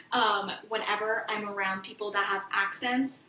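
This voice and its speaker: A woman co-hosting a casual chat, candid and quick to swear and laugh. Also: mid-range voice, fairly even intonation, sharp tone, recorded from a distance. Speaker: podcast co-host. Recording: echoey room, voice a bit off-mic, faint noise.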